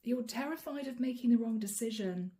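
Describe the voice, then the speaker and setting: A chatty woman doing a tarot reading straight to camera, her voice a touch high yet mellow and warm. She laughs easily and slips into the worried inner voice of the listener she is reading for. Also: brisk, slight background noise. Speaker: tarot reader.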